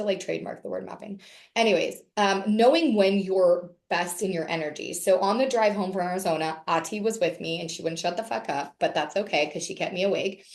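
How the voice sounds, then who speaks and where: A woman's voice: mid-range voice, roomy sound. Chatty woman leading a video call. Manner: chatty, candid, swears casually. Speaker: wellness session leader. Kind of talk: casual group talk on a video call.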